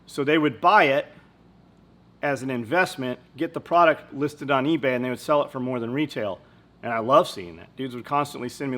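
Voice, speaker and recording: A man's voice: mid-range voice, a little fast, fairly bright tone. A man hosting a podcast, telling rambling business anecdotes in blunt, casual talk full of swearing. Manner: blunt and profane, swears freely. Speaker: company owner and podcast host. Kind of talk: casual storytelling chat.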